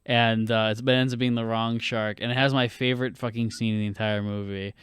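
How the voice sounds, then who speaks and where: Animated young man with a smooth, dry voice. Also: mid-range voice, no room sound. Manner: animated, swears a lot, quick bursts. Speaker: podcast co-host. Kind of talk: casual film chat.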